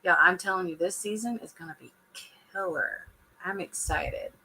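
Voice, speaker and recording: A woman talks straight to her viewers in a loose, casual reaction chat. Her voice is bright and forward, and she laughs often between remarks. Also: fairly low pitch, moderate pace, husky, poor audio. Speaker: reality TV reaction vlogger.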